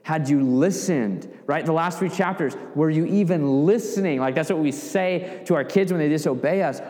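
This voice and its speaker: A man's voice: fairly high pitch, normal speed, darkish tone. A man giving a Bible teaching in a casual, conversational way, often checking in with "right?" as he goes. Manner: conversational, with frequent "right?" asides and restarts. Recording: long reverb, as in a hall.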